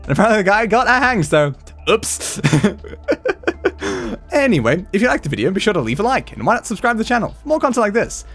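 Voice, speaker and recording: A male gaming host wraps up his video in a playful, giggly ramble full of fillers. His voice sits a little high. Faint music plays underneath. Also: very animated, very fast, few pauses, fairly bright tone. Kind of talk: casual gameplay commentary.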